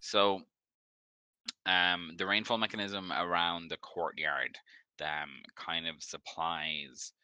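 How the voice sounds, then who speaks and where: Man GM, deep and bright, loose rambling narration, dry mic. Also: level tone, slow pace, clear, resonant tone, dry recording. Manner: rambling, filler-heavy description. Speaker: game master. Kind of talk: narrating a tabletop game.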